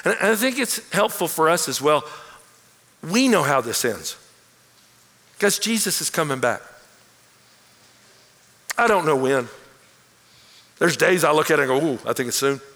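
Male pastor, high gravelly voice, lively sermon delivery, church hall reverb. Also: a little slow, pauses often. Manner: animated, acts out quoted voices.

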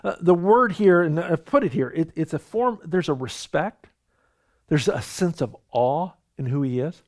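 A man's voice: fairly high pitch, animated, a little slow. A man preaching a sermon in an earnest, conversational way, often stumbling over and repeating words. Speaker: pastor.

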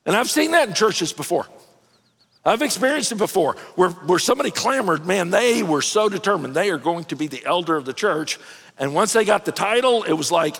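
A middle-aged pastor preaches an earnest, folksy, conversational sermon in a notably high, animated voice that is brisk, a bit bright and slightly rough. He restarts sentences and tosses in casual asides, while a long hall reverb trails behind him.

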